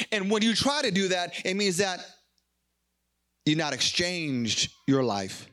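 A man preaching a sermon, animated and acting out little dialogues as he goes. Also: sits high, a little slow. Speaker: pastor.

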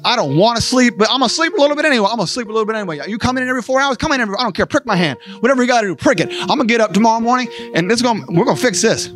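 A man with a high-pitched voice tells his story as a testimony, fervent and earnest, driving points home by repeating them. Soft guitar music plays faintly behind him. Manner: fervent, repeats phrases for emphasis. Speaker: speaker sharing a personal testimony. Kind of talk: emotional spoken testimony.

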